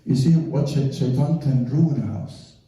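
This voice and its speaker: A man's voice: medium pitch, a little slow. A man from Egypt, a native Arabic speaker, giving a religious lecture to an audience and acting out the voices of people in his stories. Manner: animated storytelling, acting out quoted voices. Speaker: Islamic lecturer. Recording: echoey hall, mic from far off.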